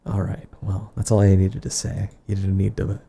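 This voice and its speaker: A man delivering an improvised, absurd comedy monologue in a rambling, deadpan way, often trailing off and restarting. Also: on the low side, moderate pace, gravelly, husky.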